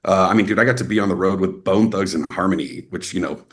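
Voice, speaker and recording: A young adult man from Texas chats as a guest in a relaxed interview. His voice sits on the low side. He tells stories animatedly and jumps higher in pitch to act out other people. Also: fast talker. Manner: animated storyteller, acts out quotes with rising pitch. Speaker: actor and guest. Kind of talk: casual interview chat.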